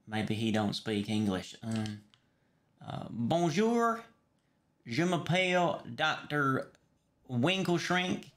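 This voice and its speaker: A man's voice: mid-range voice, fairly bright tone, reverberant, close to an everyday voice. A man streaming a role-play game, voicing a panicky, rambling young male doctor in a put-on accent with lots of stammered restarts. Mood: polite.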